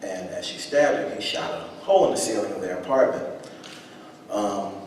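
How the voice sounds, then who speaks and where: A man performing a live spoken-word reading on a theater stage, reflective and halting, often starting over mid-thought. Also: on the low side, very animated, gravelly, a little mellow, slight background noise. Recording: echoey hall from far off.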